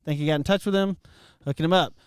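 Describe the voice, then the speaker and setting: A man's voice: a little high, fast, clear, resonant tone, no echo, studio quality. A man co-hosting a sports talk show, chatting enthusiastically with his co-hosts and laughing often.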